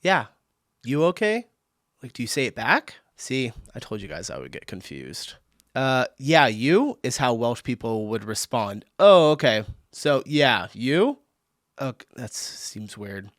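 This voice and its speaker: An American man hosts a reaction video in a loose, chatty way. He thinks aloud as he goes and breaks into easy laughs, and his voice sits at a middle pitch. The sound is dry and close, with no room echo. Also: expressive, moderate pace. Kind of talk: casual reaction commentary.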